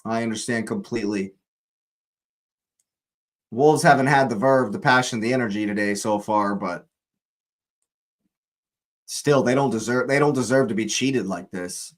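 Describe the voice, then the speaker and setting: A man's voice: fairly low pitch, unhurried, long pauses, rough recording. A young man hosting a live football watch-along, ranting angrily at the referee, swearing and repeating himself.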